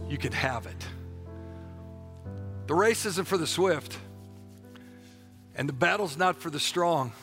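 A man's voice: fairly high pitch, expressive, slow, long pauses, music in the background. A man preaching a passionate sermon, leading the congregation in call-and-response declarations and breaking into joking asides. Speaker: pastor.

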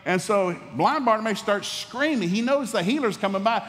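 Male pastor, fairly high voice, lively folksy preaching, humorous, long church-hall reverb. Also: normal speed, few pauses. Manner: animated, folksy, humorous preaching that acts out dialogues. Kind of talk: sermon.

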